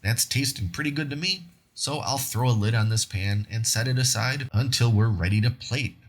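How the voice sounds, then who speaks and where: A man narrates a home cooking recipe as the host of his own show, talking through each step in a chatty, upbeat way. His voice sits at an ordinary, middle pitch for a man. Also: normal speed. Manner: upbeat and conversational.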